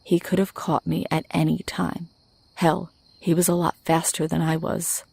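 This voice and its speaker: A woman reads a first-person horror story in a low, even voice with a gravelly edge. Her telling is measured and steady, recorded dry and close. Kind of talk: scripted first-person narration.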